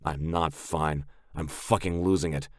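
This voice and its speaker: A man's voice: very deep voice, fairly even intonation, unhurried, darkish tone, dry recording, studio quality. A man narrating a romance audiobook in first person, in a gritty, blunt way.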